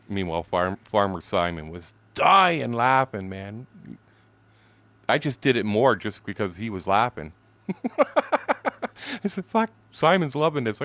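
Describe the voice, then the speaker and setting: A man's voice: fairly low pitch, a bit bright, no echo. A man in his sixties from Canada, telling a story during a game stream in a blunt, profane, laughing way. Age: 60s. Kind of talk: casual storytelling chat.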